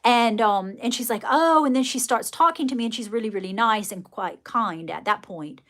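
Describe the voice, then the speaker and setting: A woman livestreaming, chatting straight to her viewers in a loose, rambling way. Her voice sits a little high, and she keeps circling back with fillers and restarts as she tells her story. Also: a little fast, a bit bright. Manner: folksy, addresses viewers directly. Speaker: live streamer. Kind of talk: casual live-stream storytelling.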